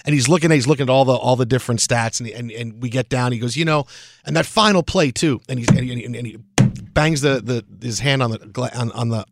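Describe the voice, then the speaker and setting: A middle-aged man co-hosting a sports radio show, telling a story in an animated, lively way. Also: medium pitch, fast talker, very noisy. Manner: animated storyteller, acts out quotes. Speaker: radio co-host. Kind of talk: casual sports radio chat.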